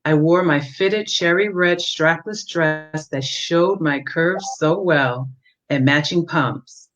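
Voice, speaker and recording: A woman with a deep voice reads passages from her own novel at a steady, measured pace, dropping in a few fillers along the way. The audio is dull and lo-fi.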